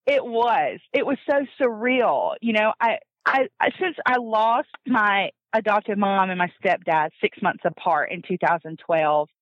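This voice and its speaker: A woman telling a personal family story in a casual, animated way, often laughing and acting out what others said. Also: medium pitch, unhurried, hardly any pauses, dry recording. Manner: animated, laughs often, acts out quoted voices. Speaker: guest telling her adoption story. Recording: dull lo-fi dry recording.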